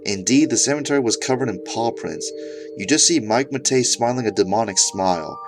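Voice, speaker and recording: A man's voice: medium pitch, lively intonation, brisk, music in the background. A man narrating an absurd comedic horror story in a mock-serious tone.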